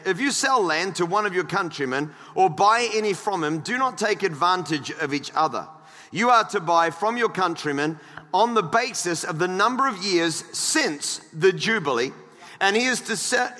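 A male pastor preaches with a high, bright, forceful voice. He jokes playfully with his congregation and reads scripture aloud. A long church-hall reverb trails his words. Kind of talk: sermon.

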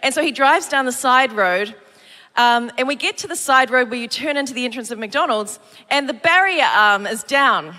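New woman preacher, high bright voice, animated storyteller, reverberant hall. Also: normal speed. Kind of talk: sermon with personal story. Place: church hall.

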